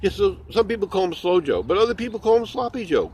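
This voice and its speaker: A man's voice: sits high, very animated, fast talker, few pauses, darkish tone, slightly rough. A man doing a rambling comedy monologue, full of stammered restarts and jokey asides.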